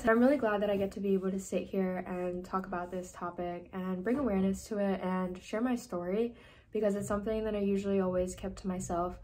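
A woman's voice: medium pitch, darkish tone, slight background noise. Earnest young woman telling her story. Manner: earnest, emotional, tearful at times. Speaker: vlogger. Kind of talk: personal story vlog. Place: indoors, seated.

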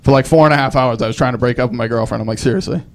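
A man's voice: mid-range voice, steady tone, rapid-fire. A young man doing a live stand-up set, telling rambling self-deprecating stories with frequent restarts. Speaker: stand-up comedian.

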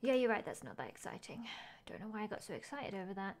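A woman's voice: medium pitch, big pitch swings, fast. A woman game streamer chatting casually as she plays, thinking aloud, gasping at finds and reading chat messages.

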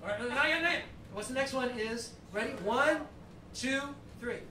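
High-voiced man leading a service. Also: moderate pace. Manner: chatty, joking, conducting the room. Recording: echoey hall, far from the mic, noisy.

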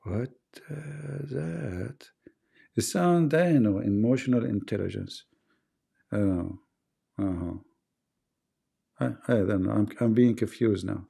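A man's voice: fairly low pitch, takes it slowly, gravelly, long pauses, warm tone, slightly rough. A man with a foreign accent hosting a live stream, reading viewer comments and teasing his audience. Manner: joking and teasing, often laughing.

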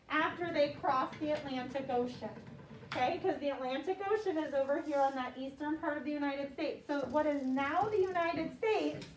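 High-voiced teacher in an echoey classroom. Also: female voice, slight background noise. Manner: slow, clear call-and-response teaching. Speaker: second grade teacher. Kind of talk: classroom vocabulary lesson. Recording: echoey classroom mic from far off.

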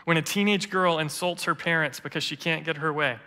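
Bright-voiced preacher in a reverberant church. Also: male voice, fairly high pitch, fairly quick, smooth. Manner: earnest storytelling preacher, quotes others in lively voices. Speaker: interim lead pastor. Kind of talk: sermon. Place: church sanctuary.

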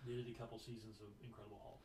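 A man's voice: on the low side, flat delivery, rapid-fire, echoey room, recorded from a distance, very noisy. A man helping at a shop sale, announcing each item in brief, matter-of-fact callouts. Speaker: shop helper reading out items.

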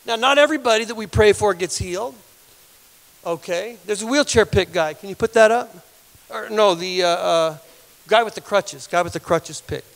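A man with a high, gravelly voice preaches in a storytelling way. He rambles and repeats words, and gets lively as he talks. His voice carries a long reverb from a church hall. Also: moderate pace. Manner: rambling, repeats words, laughs and grows animated. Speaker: guest speaker. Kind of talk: storytelling sermon.

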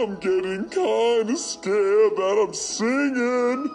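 A man giving excitable, playful gameplay commentary, often yelling in surprise. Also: high voice, slow. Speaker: gaming video creator. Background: background music.

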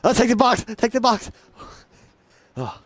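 A man's voice: very high-pitched, big pitch swings, a little slow, fairly bright tone, no room sound. A young man playing a game with a friend, teasing him and laughing often. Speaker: gamer. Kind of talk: casual co-op gaming chat.

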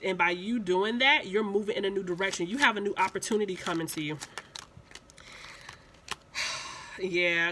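Bright-voiced emphatic woman tarot reader. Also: mid-range voice, a little hiss or hum. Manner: emphatic, repeats herself, chatty and insistent. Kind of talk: casual tarot reading to viewers.

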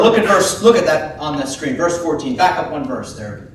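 High-voiced preacher in an echoey church. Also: male voice, moderate pace. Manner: animated preaching, acting out biblical dialogue. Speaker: pastor. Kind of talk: sermon. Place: church sanctuary. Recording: echoey church from a distant mic.

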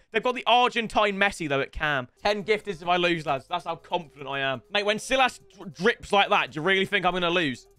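Young gamer streamer, high bright voice, swooping pitch, loud banter over a football game, close dry mic. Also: male voice, clear, resonant tone, dry recording. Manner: excitable, banter-filled and loud, swinging into mock impressions. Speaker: gaming streamer. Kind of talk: live game commentary.

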